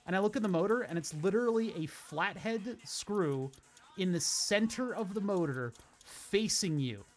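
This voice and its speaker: A man's voice: high voice, lively intonation, a little slow. A man chats casually while streaming a car-building game, drifting into stories as he works. His sentences wander and restart as he thinks aloud. Game music hums faintly behind him. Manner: rambling, self-interrupting storyteller. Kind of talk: casual gameplay commentary. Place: home streaming setup. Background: game music playing faintly.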